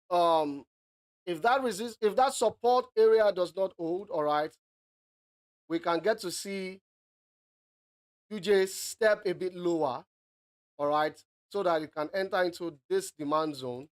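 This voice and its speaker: On a live stream, an African man runs through forex market analysis, teasing his viewers and checking in with them often. His voice sits a little high and he speaks at a slow pace. He's playful and teasing, scattering "all right" throughout.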